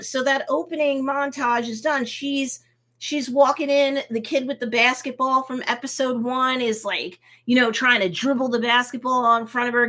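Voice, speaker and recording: A woman hosting a casual live review of a TV episode, recapping scenes in a lively way, acting out the characters' reactions, and slipping into motherly advice. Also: on the high side. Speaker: host and TV reviewer.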